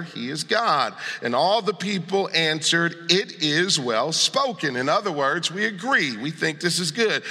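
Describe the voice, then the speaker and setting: A man preaching a sermon as pastor, animated and dramatic, acting out scripture with sarcasm. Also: on the high side. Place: large church sanctuary. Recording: long hall reverb.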